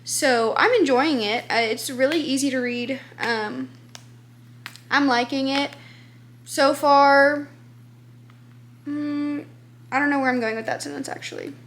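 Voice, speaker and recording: A woman's voice: high voice, a little slow, long pauses, fairly bright tone. A woman book vlogger talking casually to camera, chatty and rambling, with lots of fillers.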